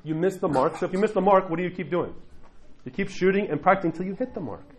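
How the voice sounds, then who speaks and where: A middle-aged man giving a lively, conversational church talk, acting out quotes in different voices. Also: high-pitched, fast, rough recording. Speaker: church teacher. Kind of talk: sermon-style class talk.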